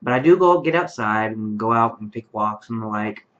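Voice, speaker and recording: A tired vlogger in his late twenties talks casually to camera in his bedroom late at night, his fairly low, fairly bright voice moving at normal speed with lively intonation. He rambles with lots of fillers and restarts, captured by a webcam microphone with dull lo-fi sound.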